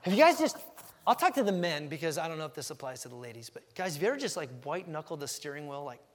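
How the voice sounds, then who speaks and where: Animated high-voiced man preaching. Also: racing, big-room sound. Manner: animated, acts out quotes with big pitch jumps. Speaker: pastor. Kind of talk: sermon.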